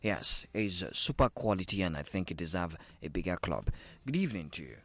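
A man's voice: sits low, animated, brisk, a bit bright, no echo. A man with a Nigerian accent hosting a radio sports call-in show, teasing callers with laughs and slipping into pidgin. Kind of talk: casual call-in chat.

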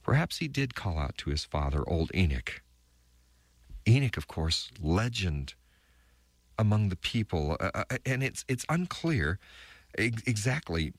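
A man voicing the weary, bitter wife of an ark builder, reading her diary entries with halting, stammered restarts. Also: low-pitched, breathy edge, dry recording, heavily acted. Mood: grieving.

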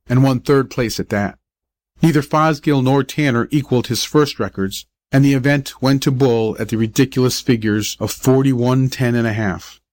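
A man narrates a story for an audiobook in a measured, even manner. His voice sits at an ordinary middle pitch. The recording is close and dry, with no room sound. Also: no room sound. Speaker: audiobook reader. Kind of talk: scripted first-person story narration.

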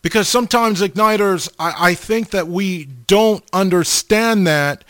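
A man preaching an informal sermon, slow and halting, often pausing and restarting as he addresses his listeners. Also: high voice, fairly bright tone, clean tone, no echo. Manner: slow, halting, repeats the audience name often.

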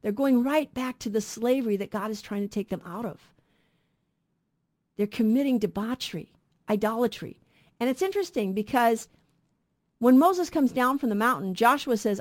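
A woman's voice: a little high, lively intonation, moderate pace, pauses often, a little mellow. A woman hosting a radio Bible show, teaching earnestly and asking questions she then answers.

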